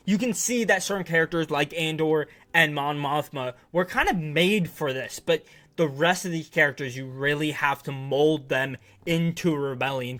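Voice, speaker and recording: Dude gushing about a show, talks kinda high, rambles and restarts a lot, super casual. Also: male voice, sharp tone. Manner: enthusiastic, rambling, many restarts and slang. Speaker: TV series reviewer. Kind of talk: casual video review.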